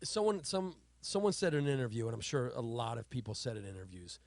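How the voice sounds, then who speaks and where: Animated man telling stories on a podcast. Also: mid-range voice, fast, no echo. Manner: animated storyteller, acts out quotes, laughs often. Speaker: podcast co-host. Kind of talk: casual chat.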